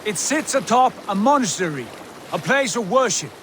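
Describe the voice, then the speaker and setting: A measured, commanding Viking jarl. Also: male voice, sits high, big pitch swings, a bit bright, a little hiss or hum. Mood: calm. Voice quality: measured, authoritative. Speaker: jarl leading a landing party. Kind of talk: video game voice acting.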